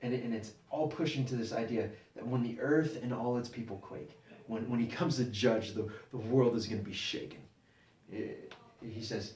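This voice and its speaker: A man preaching a sermon, halting and repeating words as he explains scripture. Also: medium pitch, a little mellow, slight background noise. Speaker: pastor. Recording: echoey room, mic at a distance.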